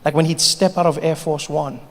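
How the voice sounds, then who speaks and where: This brisk, slightly high-voiced stand-up comedian from South Africa tells lively stories and shifts into voices on stage in a large hall. The sound is reverberant, with faint ambience.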